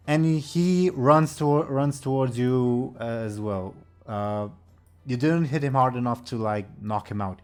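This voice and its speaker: A man's voice: medium pitch, takes it slowly, soft background music. A man narrating a tabletop game as game master, casual and laughing often.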